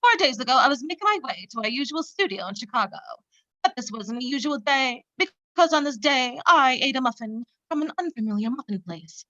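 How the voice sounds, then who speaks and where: Woman acting as a self-absorbed radio host, comedic parody, whiny, swooping lively voice, high pitch. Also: fairly quick, no echo, highs cut off. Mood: self-important. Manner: boastful, whiny, melodramatic. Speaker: comic actor.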